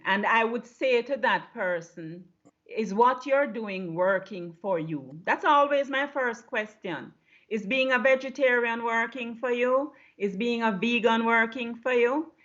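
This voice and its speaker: A woman's voice: fairly high pitch, fairly bright tone. A woman with a Jamaican accent speaks as a podcast guest over a video call. She answers emphatically, pressing her points with repeated rhetorical questions. The call audio is slightly dull and muffled. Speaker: guest, low-carb diet advocate. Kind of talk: interview answers.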